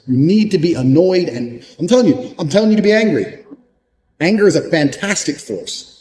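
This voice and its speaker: A man's voice: on the high side, lively intonation, moderate pace, darkish tone, low-quality recording. A man giving a blunt, profane motivational monologue, hammering points home through repetition. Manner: repeats points for emphasis. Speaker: motivational speaker.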